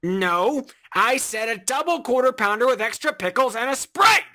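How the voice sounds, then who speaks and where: A narrator puts on a fed-up male drive-thru customer who had mumbled his order and now shouts it in frustration. The voice is bright and sharp, and its pitch leaps around wildly. It belongs in a comic animated story. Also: moderate pace, full character voice. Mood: furious.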